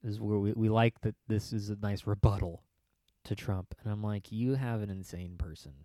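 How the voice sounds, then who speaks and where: A man's voice: lowish voice, fairly even intonation, normal speed, mellow, dry recording. A man hosting a podcast in casual chat, rambling and sarcastic, laughing often and mocking the people he quotes. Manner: mocking put-on quoted voices. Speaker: podcast host.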